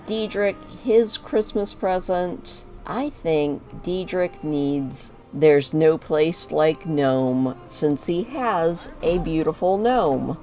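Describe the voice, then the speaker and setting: Slow, lively-toned woman gaming. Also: deep voice. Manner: chatty, narrates her own moves. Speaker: gaming video creator. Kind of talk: casual game commentary.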